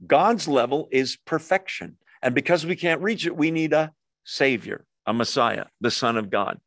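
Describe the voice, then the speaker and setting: A man's voice: on the high side, lively intonation, normal speed, a bit bright, no room sound. A middle-aged man preaching a sermon in a conversational way, with rhetorical questions and humorous asides. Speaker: pastor.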